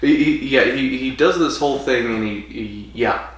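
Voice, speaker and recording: Male podcast co-host, animated recap with put-on voices, mid pitch, recorded far off in an echoey room. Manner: animated, acts out characters' lines in quick put-on voices. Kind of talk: casual chat recapping an episode. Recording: echoey room, far from mic, faint hiss.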